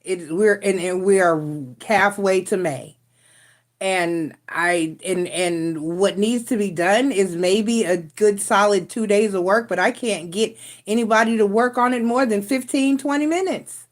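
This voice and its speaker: A woman's voice: mid-range voice, a little slow. A woman hosting a casual live stream, rambling in a frustrated way with restarts and sighs. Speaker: tarot reader and live stream host.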